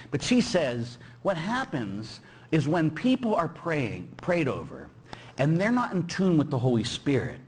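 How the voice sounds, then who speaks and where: Lively storytelling priest, man. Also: medium pitch, slight background noise. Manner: animated storyteller, acts out quoted people and sound effects, keeps tagging "huh?". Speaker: Catholic priest. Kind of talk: storytelling homily.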